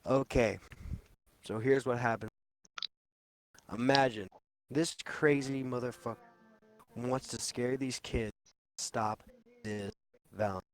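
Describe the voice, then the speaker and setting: A man's voice: mid-range voice, takes it slowly, pauses often. A young man co-hosting a casual movie review chat, laid-back, retelling a film scene. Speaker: podcast co-host.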